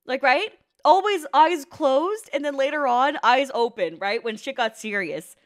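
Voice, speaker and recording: Mujer animada que bromea y se ríe. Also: female voice, high-pitched, expressive, a little slow. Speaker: anime reaction YouTuber. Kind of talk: casual reaction commentary.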